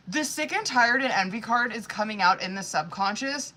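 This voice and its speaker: Woman reading tarot live, bright and forward voice, loose, foul-mouthed, talkative. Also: fairly high pitch, lively intonation, normal speed. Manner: profane, chatty, full of "like" and "you know what I mean". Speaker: tarot reader. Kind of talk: live-streamed tarot reading, casual chat.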